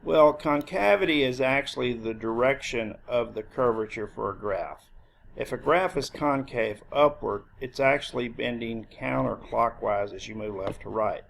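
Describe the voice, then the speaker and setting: A man with a gravelly, creaky voice gives a recorded math lecture. His pitch sits in a middle range, and he explains step by step in a relaxed way, with the odd restart. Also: moderate pace, a little hiss or hum. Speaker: math teacher.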